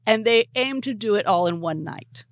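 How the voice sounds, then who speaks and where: A woman co-hosting a casual movie podcast, playful and animated as she tells a story. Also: medium pitch, normal speed, dry recording, studio quality. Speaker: podcast co-host.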